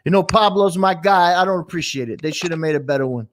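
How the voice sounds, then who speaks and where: Casual co-host, New man, high-pitched, slangy and profane. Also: fast. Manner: animated, profane ranting with lots of slang. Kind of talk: casual chat.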